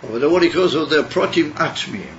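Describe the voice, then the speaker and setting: A man teaching a Chassidus class, halting and repeating words as he explains, mixing in Hebrew terms. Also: fairly high pitch, sing-song, slight background noise. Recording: muffled class recording.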